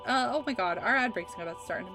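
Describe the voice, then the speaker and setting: A woman's voice: mid-range voice, lively intonation, fast talker. A woman livestreaming a game, chatting casually with her viewers in a bubbly, laughing manner. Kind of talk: casual gaming livestream chat. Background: game music.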